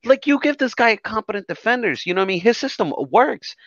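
A man talking as a fan co-host, animated and swearing, always asking whether you follow him. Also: high-pitched, fast talker, no echo. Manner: animated, swearing, keeps asking 'you know what I mean'. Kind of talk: casual football rant. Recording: dry lo-fi audio.

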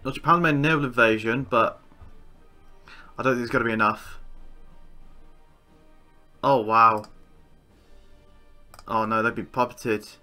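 A man commentating a strategy game he is playing, excitable and swearing, with outbursts of disbelief. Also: mid-range voice, measured pace, long pauses, faint music behind. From England. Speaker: gaming YouTuber. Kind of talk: Let's Play commentary.

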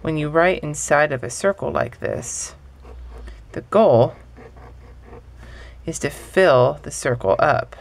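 Deep, gravelly-voiced woman teaching lettering. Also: very animated, takes it slowly, long pauses. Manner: offhand, self-deprecating, mildly profane. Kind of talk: casual tutorial talk while drawing.

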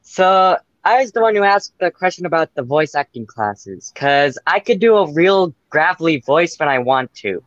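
A man's voice: a little high, lively intonation, normal speed, few pauses, a bit bright, no room sound. A man calls in over a video call with dry, muffled, lo-fi audio. He speaks in a casual, matter-of-fact way. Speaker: caller.

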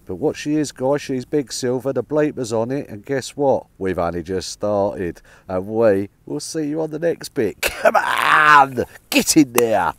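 A man's voice: mid-range voice, lively intonation, moderate pace, gravelly, few pauses, warm tone, dry recording. A man filming his own metal detecting outdoors in a field, chatting upbeat and casually to his viewers. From England. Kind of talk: casual outdoor vlog commentary. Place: open farm field outdoors.

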